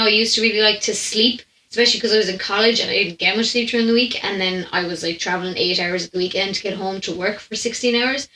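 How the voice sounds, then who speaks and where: A woman's voice: medium pitch, pushed and bright. A young Irish woman hosting a storytime podcast, chatting animatedly, laughing often and breaking off mid-sentence. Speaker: podcast host. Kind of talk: storytime anecdote chat. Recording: roomy echo.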